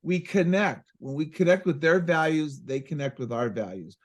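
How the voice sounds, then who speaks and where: A man in casual conversation, telling stories with excitement and acting out his exchanges with patients. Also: on the high side, moderate pace. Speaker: chiropractic practice coach.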